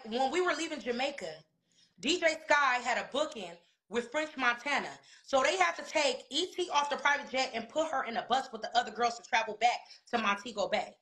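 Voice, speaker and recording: Brief: reality star woman in a casual interview, high and bright voice, heated, profane, emphatic. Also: lively intonation, normal speed. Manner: repeats words for stress. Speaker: reality TV cast member interviewed.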